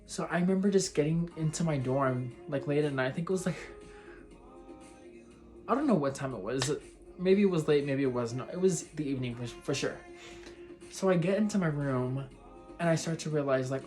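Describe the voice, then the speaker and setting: A man's voice: a little high, brisk, soft background music. Young Texan man telling his story. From Texas. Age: young adult. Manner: rambling, animated, heartfelt, filled with "like" and "you know". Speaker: vlogger. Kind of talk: personal storytelling vlog.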